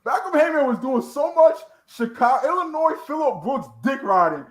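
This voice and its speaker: A man's voice: very high-pitched, lively intonation, normal speed, poor audio. A man hosting a podcast in a casual chat, teasing and joking with a profane streak. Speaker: podcast host.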